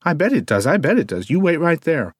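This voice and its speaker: A man's voice: on the high side, sing-song, a little fast, slightly rough, dry recording, studio quality, voice pushed up. A man reading an audiobook, voicing a breezy, careless suburban neighbor woman with a chirpy, offhand manner. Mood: alarmed. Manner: chirpy, offhand, then alarmed.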